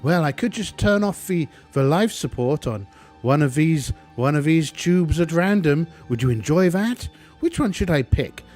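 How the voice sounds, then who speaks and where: A man's voice: on the high side, expressive, normal speed, a little mellow, soft background music, voice pushed up. A man voicing a sinister, theatrical male marketeer who speaks through a speaker, gleeful and mocking. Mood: menacing. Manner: gleeful, mocking, sing-song menace.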